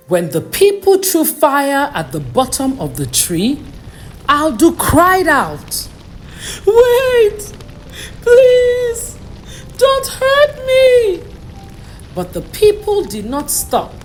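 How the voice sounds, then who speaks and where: Slow, lively storybook woman. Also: on the high side. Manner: slow, expressive reading. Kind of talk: bedtime storybook narration.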